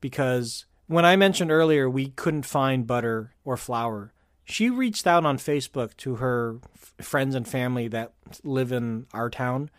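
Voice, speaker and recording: A man's voice: mid-range voice, measured pace, dry recording, studio quality. A man from California chatting casually on a podcast, rambling with fillers and restarts. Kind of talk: casual chat.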